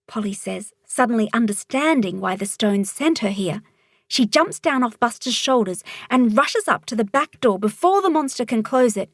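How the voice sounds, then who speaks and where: A woman narrating a children's storybook in a calm, even read-aloud manner. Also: on the high side, normal speed, no echo, clean studio sound.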